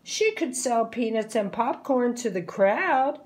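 A woman's voice: fairly high pitch, lively intonation, takes it slowly, a little mellow. A woman doing a kind storybook elephant. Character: kind helpful female elephant.

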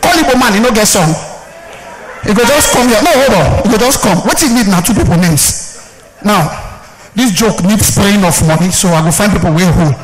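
A man with a Nigerian accent performing live stand-up comedy at a party, shouting his punchlines to the crowd. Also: high-pitched, brisk, rough recording.

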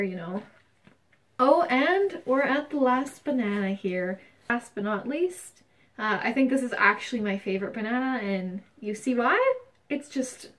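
A young woman in her twenties hosting a mock haul video in a deadpan, mock-earnest way, often dropping to a mutter. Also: fairly high pitch, recorded from a distance. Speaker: vlogger.

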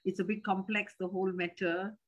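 A woman's voice: mid-range voice, flat delivery, a little fast, dull audio. A middle-aged Malaysian woman with a Malaysian English accent, speaking respectfully and hesitantly to her teacher, often repeating words as she restarts. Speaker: disciple calling in with a question. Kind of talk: casual chat.

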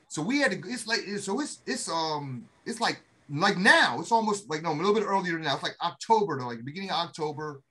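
A middle-aged man telling a story in a casual chat, animated and acting out the voices of the people he quotes. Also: high-pitched, normal speed, pauses often, husky. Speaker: podcast co-host, Army veteran.

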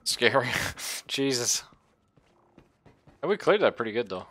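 A man's voice: mid-range voice, very animated, a little slow, a bit bright. A man with a South African accent, chatting casually and joking with teammates while playing a co-op game. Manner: laid-back, joking, calling out moves to teammates. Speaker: gamer.

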